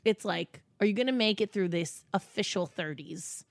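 A woman co-hosts a podcast. She chats casually, joking bluntly and swearing without a second thought. Her voice sits at an ordinary pitch for a woman, and the room sounds dry and close. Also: expressive, normal speed, dry recording. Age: 30s. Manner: blunt, jokey, swears freely. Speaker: podcast co-host. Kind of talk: casual chat.

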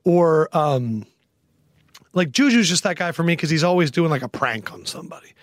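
A man's voice: on the high side, lively intonation, dry recording, studio quality. A man hosting a sports podcast, riffing in casual chat and freely sharing opinions. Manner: opinionated, quick to riff. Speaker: podcast host.

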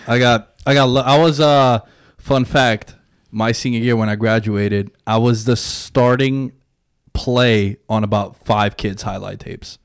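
A young man in casual chat, quick and self-mocking as he tells a story. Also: mid-range voice, steady tone, clean tone, no room sound, clean studio sound.

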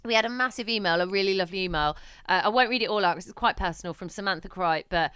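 Bright, chatty woman podcaster. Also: mid-range voice, rapid-fire, clean tone, no echo, studio quality. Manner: chatty, laughs often, trails off with ums. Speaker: podcast co-host. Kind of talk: casual chat.

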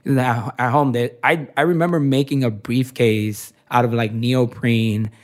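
A young man talks as a guest in a relaxed interview. He strings his stories together loosely and fills them with "like". His voice sits at an everyday middle pitch. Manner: chatty, heavy use of "like", quick storytelling. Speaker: fashion designer, guest. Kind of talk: casual interview chat.

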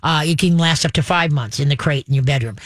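A woman's voice: low-pitched, quick pace, dry recording. Folksy woman giving puppy advice. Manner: folksy, checks in with frequent "okay?", chants the commands. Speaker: puppy training expert. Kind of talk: radio advice talk.

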